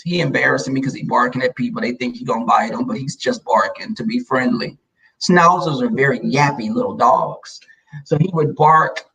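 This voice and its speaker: A man's voice: a little high, vocal fry, fairly bright tone, far from the mic, low-quality recording. A man hosting a casual livestream, chatting and telling stories straight to his viewers. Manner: chatty storyteller addressing viewers. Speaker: livestream host.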